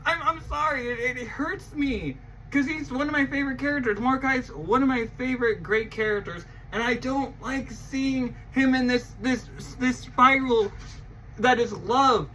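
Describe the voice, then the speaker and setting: A young man hosting a casual reaction vlog, excitable, swinging from mumbling to yelling and swearing often. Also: very high voice, moderate pace, slight background noise, poor audio. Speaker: channel host reacting to a movie trailer.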